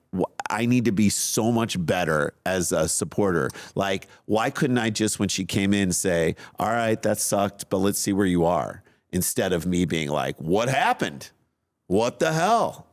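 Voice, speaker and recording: A man co-hosting a podcast, telling a story in a casual, animated, self-mocking way. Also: on the low side, dry recording. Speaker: podcast co-host.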